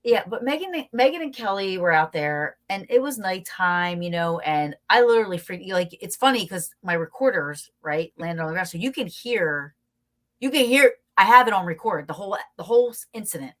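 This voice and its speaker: A woman guest tells a story in a casual, animated way, laughing often and swearing freely. Her voice is mid-range and she speaks at normal speed.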